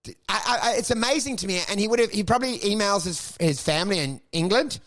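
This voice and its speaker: A young man with a high, bright, sharp-edged voice tells crude comic stories on a podcast. He is profane and mocking, and he keeps slipping into the voices of the people he talks about. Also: animated, fast. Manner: profane, mocking, acts out other people's lines. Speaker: podcast co-host. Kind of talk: crude comedic storytelling.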